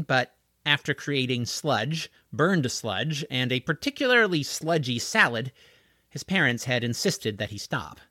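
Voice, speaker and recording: Expressive male audiobook narrator. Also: on the high side, no room sound, clean studio sound.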